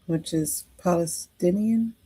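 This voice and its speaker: Slow, hesitant woman student. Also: lowish voice, dark tone, a little hiss or hum. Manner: hesitant, halting, politely deferential. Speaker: class student. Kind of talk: answering in class.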